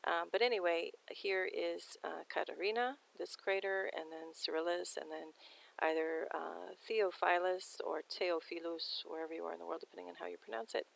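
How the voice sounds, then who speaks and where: A woman's voice: on the low side, fairly even intonation, a little fast, vocal fry, low-quality recording. A woman hosting her own sky observation show, talking casually over a set of photos, rambling with many ums and restarts.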